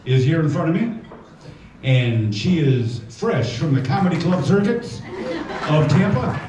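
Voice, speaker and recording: A man's voice: a little high, dark tone, a little hiss or hum. Older man emceeing in an echoey hall. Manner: chatty, halting with many uhs. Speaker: emcee of a variety show. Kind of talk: live stage announcing. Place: community hall with an audience. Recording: echoey hall, distant lo-fi room mic.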